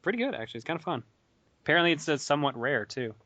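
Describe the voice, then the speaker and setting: A man's voice: a little high, big pitch swings, racing, sharp tone. A man co-hosting a casual podcast chat, hesitant and often correcting himself. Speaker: guest co-host. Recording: dull, slightly lo-fi, dry.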